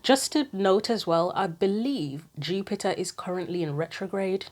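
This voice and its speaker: A woman's voice: medium pitch, moderate pace, a little mellow. A woman giving a casual tarot reading, thinking aloud in chatty asides and reading card guidance from a book. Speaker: tarot reader.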